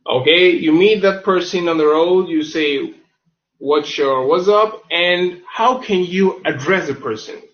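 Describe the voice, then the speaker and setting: Male tutor, fairly high voice, casual webinar delivery, dull lo-fi sound. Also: unhurried. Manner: chatty, loose, self-correcting, says the same word several times over. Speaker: online English teacher. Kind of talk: webinar lesson on slang.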